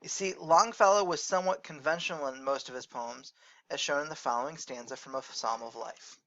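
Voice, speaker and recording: A man teaching a recorded lecture, explaining in a measured way and correcting his own slips as he goes. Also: on the high side, fairly bright tone, muffled recording.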